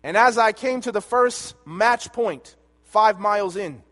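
A man preaching a sermon, telling a personal story and swinging between loud and hushed delivery. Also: sits high, a little slow, soft background music. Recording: long hall reverb.

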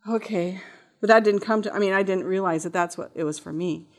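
A woman giving a spoken testimony to an audience about her time teaching in a GED lab. She tells it as an animated story, acting out the other people's voices. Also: on the low side, fast. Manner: lively storyteller who acts out voices and laughs.

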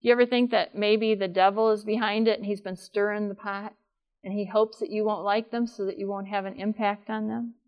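A woman's voice: medium pitch, level tone, a little fast, lo-fi sound. An older woman giving a live talk to an audience in a room, chatty and asking them questions. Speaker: speaker at a workshop.

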